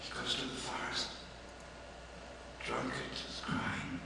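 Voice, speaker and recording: A man telling a story from a live stage in an impassioned way, his voice rising loud and high on key phrases. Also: slow pace, background noise. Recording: echoey hall with a distant mic.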